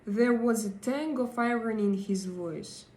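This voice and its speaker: A woman hosting a live stream and chatting with viewers, hesitant and pausing often as she searches for her English words. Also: fairly high pitch, a little mellow, reverberant, a little hiss or hum, low-quality recording. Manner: hesitant, many pauses and fillers while searching for English words. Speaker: livestream host. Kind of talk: casual live chat, answering viewer comments.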